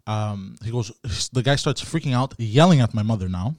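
Podcast host, male, mid-pitched, chatty and profane, dry studio mic. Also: a little slow, few pauses, smooth, no echo. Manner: rambling, profane, animated storyteller. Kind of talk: casual storytelling chat.

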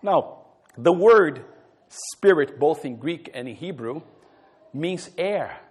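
A man preaching a sermon in a church, emphatic, swinging between loud stressed words and soft drops. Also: on the high side, lively intonation, slow pace, husky. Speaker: counselor.

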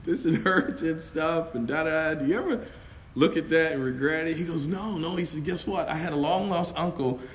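A middle-aged man preaching a sermon, loud and animated, telling stories and laughing between them. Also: on the high side, normal speed, slight background noise. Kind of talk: lively storytelling sermon.

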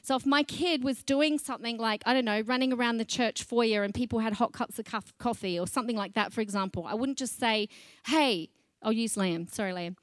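A middle-aged woman pastor, preaching a sermon in a chatty, lively way and laughing between points. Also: fairly high pitch, fairly quick, no echo.

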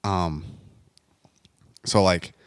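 A man's voice: sits low, steady tone, drawn-out words, clean tone, no echo, studio quality. A man from the United States chatting casually, rambling and leaning on fillers like "you know what I mean". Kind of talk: casual podcast chat.

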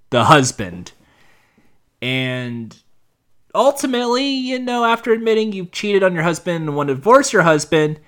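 A man's voice: a little high, fairly bright tone. A man giving a casual, opinionated commentary monologue, thinking aloud with frequent restarts.

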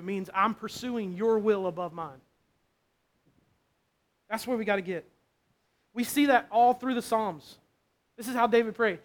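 A man's voice: high-pitched, measured pace, long pauses. A male pastor preaching a sermon in a conversational way, often checking in with his listeners.

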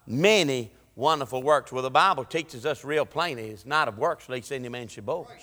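A man preaching an impassioned church sermon, rising to shouts. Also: medium pitch, normal speed. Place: church sanctuary. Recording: long church hall reverb.

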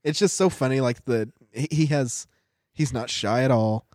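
A man in his thirties, a father of young kids, telling lively stories in casual chat and laughing along. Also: medium pitch, moderate pace, no echo, studio quality. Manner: animated, laughing storyteller.

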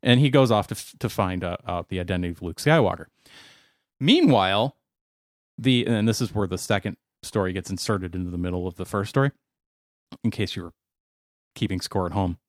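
A man's voice: deep voice, brisk, long pauses, no echo, studio quality. Rambling, chuckling man telling a story. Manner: rambling, chuckling, profane asides. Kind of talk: casual storytelling chat.

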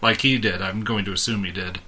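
A man's voice: lowish voice, fairly even intonation, brisk, bright, forceful tone, breathy edge. A man in his thirties, a podcast co-host, telling a long rambling story in casual chat and chuckling often.

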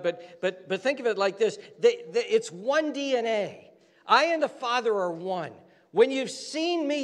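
A male pastor preaching a sermon with passionate repetition, dropping to hushed whispers at times. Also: very high-pitched. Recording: long hall reverb.

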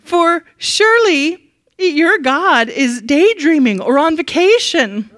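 A woman voicing a mocking male prophet who taunts his rivals in high, sing-song jeers. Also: sing-song, takes it slowly, a bit bright, no room sound, heavily acted.

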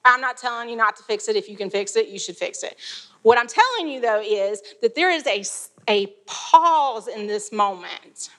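Bright-voiced chatty woman teaching Bible. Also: a little high, lively intonation, moderate pace. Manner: chatty, laughs, frequent fillers.

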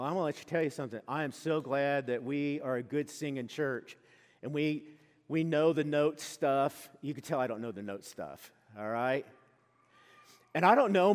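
A pastor delivering a sermon in a slightly high male voice, talking to his congregation in an earnest, conversational way. He drops to quiet asides, then builds to loud, emphatic declarations. The sound rings with the long reverb of a church hall. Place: church sanctuary.

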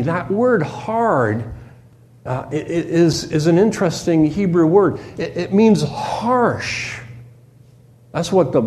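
A man preaching a sermon in an unhurried, emphatic way, his voice sitting a little on the high side. He circles back over phrases and repeats key words as he explains the text. He sinks low and soft whenever he speaks in God's voice. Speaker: pastor. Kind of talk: expository sermon.

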